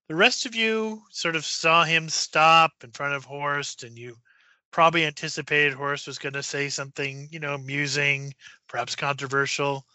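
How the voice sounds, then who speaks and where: A man running a tabletop horror game as game master, narrating with halting fillers and dropping to a whisper for eerie moments. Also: on the high side, fairly even intonation, pushed and bright, clean tone, no echo, muffled recording. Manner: halting, many fillers, drops to a whisper for spooky parts.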